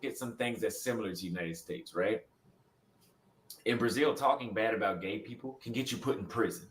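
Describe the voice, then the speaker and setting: Low-voiced, opinionated man. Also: fairly quick, low-quality recording. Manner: matter-of-fact, opinionated. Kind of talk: casual dating commentary.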